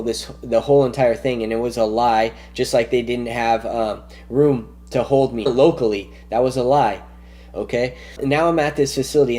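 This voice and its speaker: A man speaking to camera with a dark, mellow tone, recounting a personal ordeal. He rambles and circles back, repeating "he goes" and restarting sentences. His delivery is earnest and insistent. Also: mid-range voice. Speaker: vlogger telling his own story. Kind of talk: rambling first-person account.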